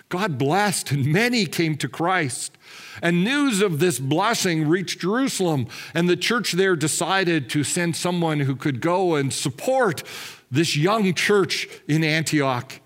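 A man delivering a sermon as pastor, candid and measured, slowing and dropping his voice on key words. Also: a little high, fairly bright tone. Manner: candid, self-deprecating asides with light laughs.

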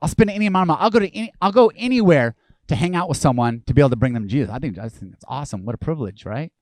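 A male pastor delivering a lively, conversational sermon, acting out the voices of people he quotes. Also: a little high, racing, no echo.

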